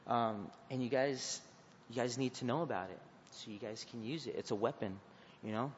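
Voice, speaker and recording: A man preaching to students in a halting, earnest way, stopping and restarting often. His voice sits at an ordinary pitch and comes through slightly dull and muffled. A long reverb trails behind him in a large hall, with faint noise underneath. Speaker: youth preacher. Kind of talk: informal sermon and prayer.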